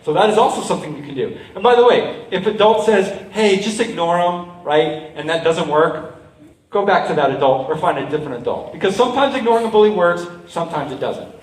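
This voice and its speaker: A man giving a lively motivational talk to a school assembly as a speaker and juggler, often checking in with "right?" and "okay?". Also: high-pitched, brisk. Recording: roomy hall, mic from a distance.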